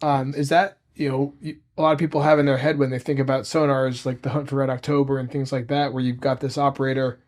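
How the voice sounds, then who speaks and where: A man's voice: medium pitch, flat delivery, quick pace, few pauses, a little mellow. A man interviewing a guest on a podcast, asking curious, rambling questions in a casual way.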